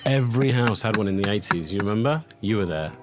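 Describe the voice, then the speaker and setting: A man's voice: fairly low pitch, animated, fast, over loud music. A man from Scotland, a guest on a podcast, chatting casually with dry, self-deprecating humor. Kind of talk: casual chat.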